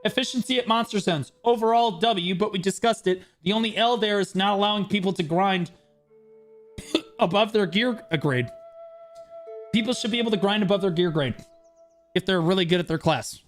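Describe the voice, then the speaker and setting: A man's voice: high voice, normal speed, soft background music. A male game streamer giving frustrated, profane commentary on a live stream.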